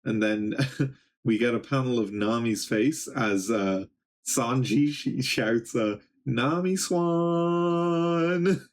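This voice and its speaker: A young man streaming a live reaction, reading a comic aloud and reading its dialogue in his plain voice, in a casual, halting way. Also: lowish voice.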